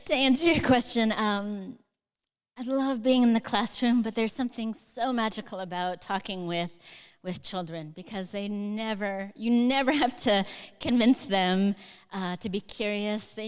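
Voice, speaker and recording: Woman author chatting at a live talk, lots of ums and you-knows, clear highish voice. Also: big-room sound. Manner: warm, enthusiastic, chatty with many fillers. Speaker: author answering audience questions. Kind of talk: live onstage conversation.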